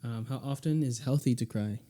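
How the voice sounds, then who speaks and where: A young man hosting a podcast, firing off quick questions in a playful way and laughing often. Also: medium pitch, warm tone. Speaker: podcast host. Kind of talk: casual rapid-fire question game.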